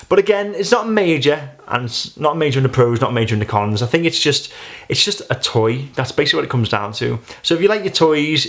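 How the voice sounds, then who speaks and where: A man's voice: mid-range voice, a bit bright. A man giving a casual, rambling gadget review, chatty and full of filler phrases. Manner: rambling, chatty, many "you know"s.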